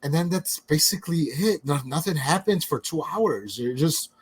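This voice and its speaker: A man's voice: a little high, lively intonation, normal speed, husky. A man co-hosting a movie review podcast, sarcastic and blunt, swearing freely. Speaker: podcast co-host. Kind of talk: casual movie review chat.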